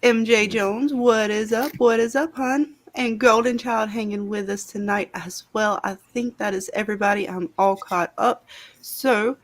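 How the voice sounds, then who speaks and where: A woman's voice: medium pitch, steady tone, a little slow. Chatty Southern woman greeting viewers. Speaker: livestream co-host. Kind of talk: casual livestream chat.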